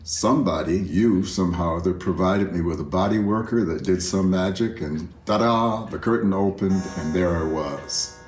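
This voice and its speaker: A man's voice: deep voice, moderate pace, hardly any pauses, faint music behind. An older man giving a reflective, heartfelt spoken tribute, speaking directly to an old friend. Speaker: artist giving a video tribute. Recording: roomy self-recorded video message.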